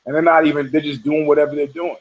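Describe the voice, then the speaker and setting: A podcast host rambles through a profane comedic monologue, putting on funny voices for the characters he quotes. He talks fast in a level, somewhat high voice, and the recording quality is low.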